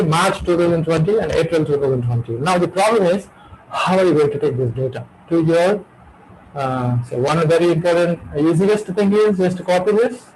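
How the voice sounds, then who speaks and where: A man's voice: fairly high pitch, a little mellow, a little hiss or hum, low-quality recording. A middle-aged man giving an emphatic, repetitive webinar lecture over a computer microphone. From India.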